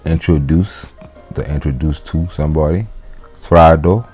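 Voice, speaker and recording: A man's voice: extremely low pitch, measured pace, darkish tone, slightly rough, faint music behind. A man teaching a casual language lesson, explaining loosely with fillers and restarts. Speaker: Latin teacher.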